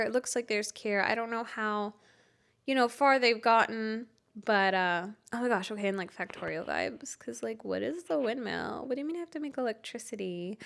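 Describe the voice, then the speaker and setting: Young woman, gaming vlogger, animated and rambling casual rant, voice a little high. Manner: animated, rambling, self-aware and expressive. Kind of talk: casual couch-talk rant.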